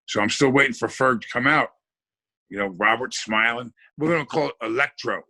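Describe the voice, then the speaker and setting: A man's voice: medium pitch, fairly quick, sharp tone, poor audio. A man chatting casually on a podcast in an easygoing, joking way. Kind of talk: casual chat.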